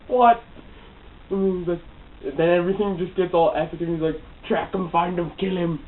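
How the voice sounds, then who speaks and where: A casual movie reviewer with a cold, rambling with lots of fillers and restarts. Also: medium pitch. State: has a cold. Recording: tinny phone-like audio with faint hiss.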